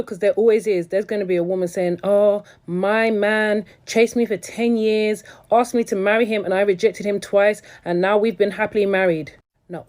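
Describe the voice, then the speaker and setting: A woman's voice: medium pitch, warm tone. A woman talking straight to the camera, earnestly warning other women in a preachy advice tone. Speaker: advice vlogger.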